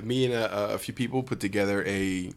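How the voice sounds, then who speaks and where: Low-voiced, hesitant male podcast guest. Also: a little fast, clean tone. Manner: hesitant, many fillers. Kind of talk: casual chat.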